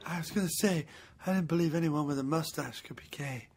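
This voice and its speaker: A man co-hosting a casual film commentary, telling absurd deadpan stories and giggling, from England. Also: on the high side, fairly quick, breathy edge. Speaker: podcast co-host.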